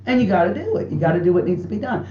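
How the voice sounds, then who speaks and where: A woman's voice: lowish voice, very fast. Candid woman medium in an echoey room. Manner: lively, candid storytelling. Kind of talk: casual interview talk. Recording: echoey room, dull lo-fi sound.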